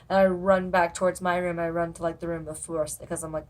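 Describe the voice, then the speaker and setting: A woman with a slightly low-pitched voice tells stories from her job at a haunt, chatting straight to camera. She rambles, restarts, and cusses without a second thought. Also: completely flat delivery, fast talker, few pauses. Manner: rambling, swears freely, lots of fillers. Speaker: haunted house actor. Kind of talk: casual storytelling vlog.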